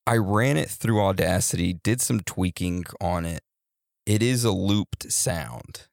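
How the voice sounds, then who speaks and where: A man with a low, gravelly voice chats on a podcast, slowly turning ideas over and drawing out his questions. The sound is dry and close. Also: lively intonation, no echo. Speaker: podcast co-host. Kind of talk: casual podcast chat.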